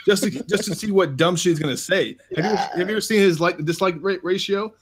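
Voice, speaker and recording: A man chatting on a casual podcast, swearing and laughing a lot. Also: sits high. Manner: rapid, profane, laughing.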